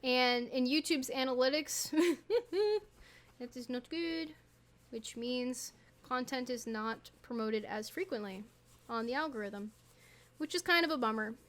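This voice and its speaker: A woman's voice: high voice, animated, a little slow, pauses often. A young woman chatting casually while showing a tutorial, playful and rambling with little asides. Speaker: YouTuber.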